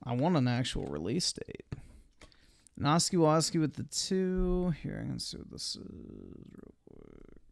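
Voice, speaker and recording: Male livestream host, crude and offhand, slow delivery, clean dry close sound. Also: medium pitch, huge pitch swings, creaky, no room sound. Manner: crude, offhand reactions to chat. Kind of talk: casual streamer commentary.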